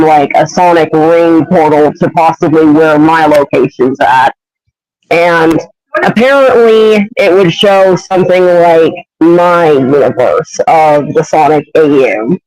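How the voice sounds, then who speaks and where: A man's voice: a little high, clean tone, no echo, poor audio. Hesitant, rambling young man. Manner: hesitant, rambling, many fillers. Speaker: fan voice actor. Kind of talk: rambling fan story pitch.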